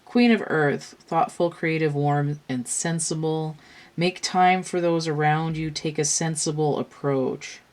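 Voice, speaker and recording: Woman doing a tarot reading, slow and loose, says like a lot, swears casually. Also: deep voice, fairly even intonation, darkish tone. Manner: rambling, slangy, swears freely, many "like"s. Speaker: tarot reader.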